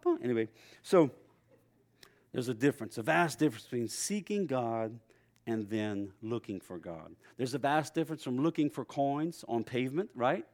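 A middle-aged man preaching a sermon in a conversational storytelling way, with lively swings in his voice. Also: mid-range voice. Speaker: pastor.

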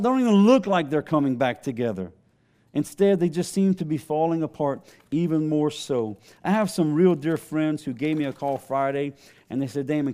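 A man's voice: a little high, warm tone. A man preaching a sermon as pastor, telling stories conversationally and laughing often.

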